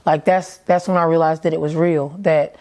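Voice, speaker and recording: A woman recounting a traumatic night in halting speech, full of fillers and repeated phrases. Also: low voice, steady tone, a little mellow. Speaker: mother recounting her son's death. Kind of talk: emotional testimony.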